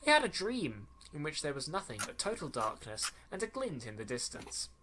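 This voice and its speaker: A man's voice: a little high, wildly swooping pitch, normal speed, noisy background. A man hosting a podcast, reading a horror story aloud, tripping over clumsy sentences and rereading them with sarcastic asides. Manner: stumbling over lines and rereading them mockingly.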